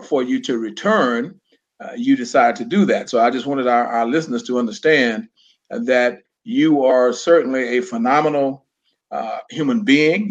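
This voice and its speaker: Polite, halting male host on lo-fi audio. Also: mid-range voice. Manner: halting and polite, with many restarts. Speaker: talk show host. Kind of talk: interview questions. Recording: dull lo-fi live-stream audio.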